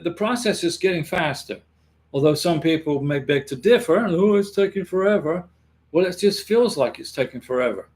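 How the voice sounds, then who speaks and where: A middle-aged man hosting a casual livestream from home, reading viewer comments and rambling with frequent restarts and repeated words. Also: on the high side. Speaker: livestream host giving immigration advice.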